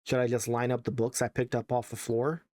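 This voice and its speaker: A man's voice: mid-range voice, flat delivery, brisk, warm tone. A man casually commentating a horror video game as he plays, wry and chatty, reading the on-screen text aloud. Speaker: let's play gamer.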